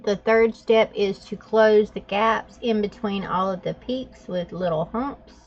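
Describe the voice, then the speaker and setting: A woman's voice: medium pitch, steady tone, measured pace. A woman vlogging, telling a story with laughs and then walking through a drawing tutorial in casual chat. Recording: dull lo-fi sound.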